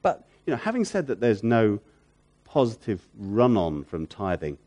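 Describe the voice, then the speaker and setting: A man preaching a sermon who repeats key phrases for emphasis, asks rhetorical questions, and moves between loud emphatic peaks and hushed, soft lines. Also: on the low side, very animated, moderate pace.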